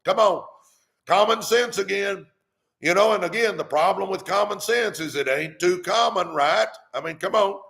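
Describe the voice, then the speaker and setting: A man's voice: sits high, normal speed, vocal fry, fairly bright tone. A middle-aged man, hosting a live stream and preaching money advice in a fired-up way that keeps repeating "come on". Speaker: host.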